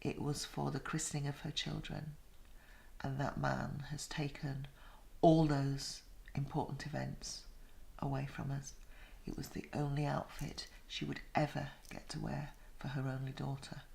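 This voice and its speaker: A woman's voice: rumbling low, little pitch movement, a little slow, creaky, a little mellow. An older woman recalls past events in a documentary interview, telling it with emphatic feeling. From Yorkshire. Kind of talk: recollection in an interview.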